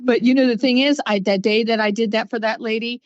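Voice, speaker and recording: A woman's voice: a little high, fairly quick, no echo, dull audio. A woman, a psychic guest on a podcast, telling stories in casual chat and acting out what people said. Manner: storytelling, expressive, acts out quotes.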